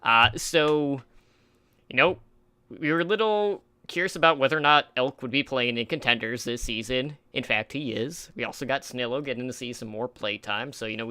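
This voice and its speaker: A man's voice: mid-range voice, pushed and bright, clear, resonant tone, no echo. A man hosting an esports talk show in a casual, rambling way, with lots of fillers, and he stumbles over player names. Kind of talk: casual esports podcast chat.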